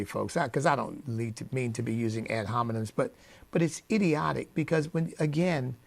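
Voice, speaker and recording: A male radio host with a gravelly, fairly high voice delivers an emphatic monologue into a studio mic. He drops to quiet asides, then climbs to loud, preacherly peaks.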